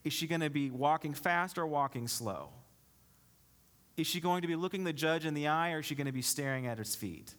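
At church, a pastor reads scripture and breaks it down with rhetorical questions aimed at his congregation. His voice is a little high and a bit bright, and he speaks fairly quickly.

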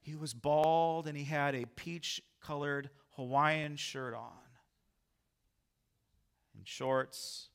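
A pastor tells a story from the pulpit with a bright, forceful edge to his voice. His pitch sits a little high for a man, and he jumps into loud, animated bursts when acting out what he said. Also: takes it slowly, vocal fry, long pauses, smooth. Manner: animated, acts out his own lines loudly. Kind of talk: sermon storytelling.

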